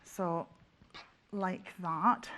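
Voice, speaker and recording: A woman's voice: fairly low pitch, fairly even intonation, extremely slow, bright, forceful tone. A woman as a guest expert on a sewing show, patiently explaining each step and reassuring viewers. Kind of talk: demonstration explaining. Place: TV studio.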